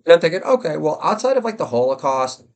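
A man's voice: fairly high pitch, sing-song, fast talker. A man in his forties hosting his own podcast, telling crude, self-deprecating, meandering stories in a loose solo monologue. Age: 40s. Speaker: podcast host and comedy writer.

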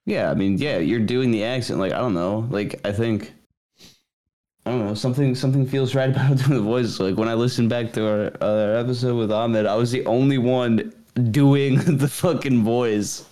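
A young man co-hosting a casual comedy podcast, riffing on jokes and laughing often. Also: normal speed. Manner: laughing, riffs along, lively pitch. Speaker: podcast co-host.

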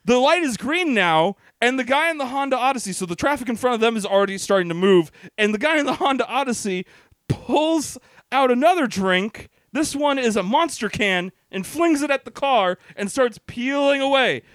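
Man, podcast co-host, casual storytelling, swears a lot, very animated pitch. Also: moderate pace, no room sound, clean studio sound. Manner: animated, profane, acts out quotes.

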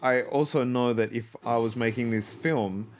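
A man's voice: mid-range voice, moderate pace, a little hiss or hum. A man chatting casually, joking and laughing often. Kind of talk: casual chat.

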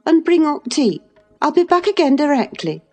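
A woman reading an audiobook, voicing an impetuous, excitable young lady of the manor in a high, eager voice. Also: moderate pace, soft background music. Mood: brisk. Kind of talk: audiobook character voice.

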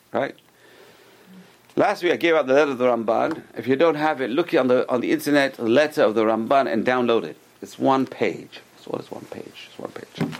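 A man teaching a religious class to a group, telling stories with restarts and acted-out quotes. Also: mid-range voice. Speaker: Torah teacher.

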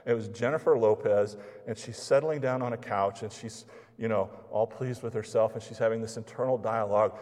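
A man preaching a sermon as pastor, earnest, moving between hushed asides and emphatic declarations. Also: lowish voice, steady tone, a little fast. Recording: long hall reverb.

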